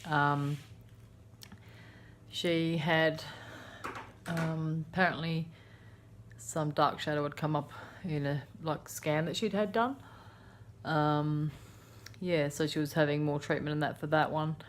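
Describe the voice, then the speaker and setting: A woman's voice: low voice, steady tone, slow, slight background noise. A woman in her thirties with an Australian accent, casually narrating a daily vlog from her home kitchen in a rambling, chatty way. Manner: chatty, rambling, many fillers. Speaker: vlogger.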